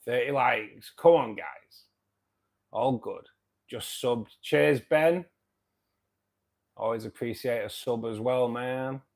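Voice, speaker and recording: Guy in his 50s hosting a live stream, slow easygoing chat, jokey, keeps thanking folks. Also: medium pitch, creaky, darkish tone. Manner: chatty, thanks viewers by name, jokey. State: dry throat. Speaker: livestream host.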